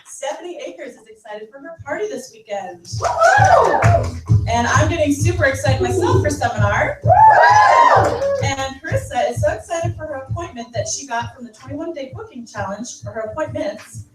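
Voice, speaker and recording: A woman's voice: high-pitched, animated, a little fast. A woman leading a team meeting, upbeat and cheering the group on. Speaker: meeting leader. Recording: roomy far-off mic with music behind.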